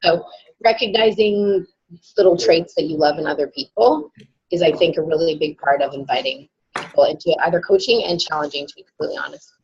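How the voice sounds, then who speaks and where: A woman on a coaching call, talking in an earnest, measured way. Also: sits low, a little mellow, breathy edge, lo-fi sound. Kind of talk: casual chat.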